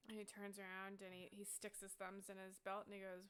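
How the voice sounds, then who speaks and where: A woman's voice: mid-range voice, completely flat delivery, a little fast, fairly bright tone, smooth. A woman narrating as game master in a tabletop game, describing the scene with frequent fillers.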